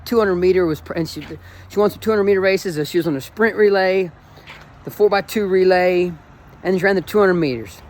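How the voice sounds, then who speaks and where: A man's voice: high voice, fairly quick, darkish tone. A man in his forties, a running coach, talking in an enthusiastic, emotional and rambling way in a casual motivational vlog. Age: 40s.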